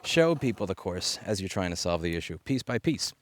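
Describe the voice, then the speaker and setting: Background noise surrounds this repair activist vlogger as he collects litter outdoors, ranting off the cuff into a headset microphone. His low voice swings widely in pitch and runs a little fast, blunt with sarcastic asides.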